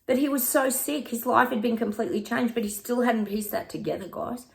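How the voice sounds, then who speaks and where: Gravelly-voiced chatty woman. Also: a little high, a little fast. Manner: chatty and rambling, addresses viewers as guys. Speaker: psychic reader. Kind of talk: casual livestream chat with tarot readings.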